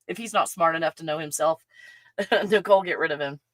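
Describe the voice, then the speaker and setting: A woman's voice: low voice, brisk, fairly bright tone, no room sound, poor audio. A woman hosting a casual livestream, reading viewer comments and ranting with lots of swearing and laughter. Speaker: livestream host.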